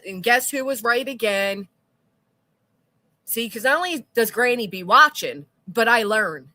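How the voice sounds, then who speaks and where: A woman's voice: on the high side, sharp tone, no room sound. A middle-aged woman hosting a casual livestream, chatting and rambling as she reads out viewer comments.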